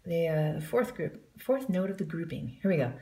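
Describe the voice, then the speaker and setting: A woman's voice: on the low side, lively intonation, a little fast, mellow, reverberant. A woman giving a jazz singing lesson, explaining the music and counting in before she scat-sings the examples. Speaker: vocal jazz teacher.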